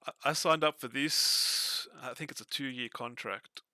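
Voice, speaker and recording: A man's voice: medium pitch, measured pace, bright, forceful tone, no room sound. A middle-aged man streaming, chatting casually and animatedly, swearing and restarting his words. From Australia. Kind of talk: casual chat.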